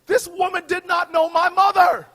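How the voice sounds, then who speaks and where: A man in his forties giving a humorous commencement speech, shouting his punchlines with a preacher-like call and response. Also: very high voice, little pitch movement, normal speed. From United States. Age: 40s. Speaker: commencement speaker. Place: outdoor graduation ceremony stage.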